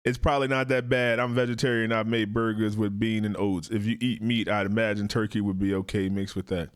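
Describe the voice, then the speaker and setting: A man hosting a reaction video, giving blunt, profane, animated commentary. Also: fairly low pitch, a little fast, clean tone. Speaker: react channel host.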